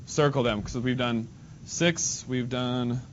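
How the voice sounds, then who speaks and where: A man's voice: mid-range voice, steady tone, slow pace. A male math teacher leading a classroom lesson, casual and joking, calling on students by name. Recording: dull lo-fi classroom recording with faint noise.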